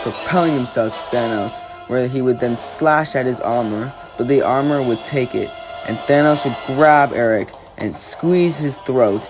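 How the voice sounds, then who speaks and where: Guy narrating a superhero fight fan story, play by play, faint background music. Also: mid-range voice.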